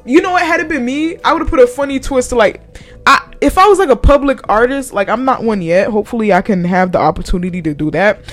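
Young woman, podcast host, high voice, very lively pitch, cussing, laughing a lot, casual chat. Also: fast, soft background music. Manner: profane, animated, laughs often.

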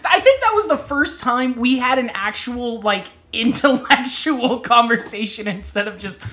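A woman co-hosting a relaxed podcast with friends, her voice bright and sharp. She sits a little higher in pitch and moves lively up and down. She tells stories and laughs along the way. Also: measured pace. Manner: laughing, storytelling. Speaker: podcast co-host. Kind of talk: casual podcast banter.

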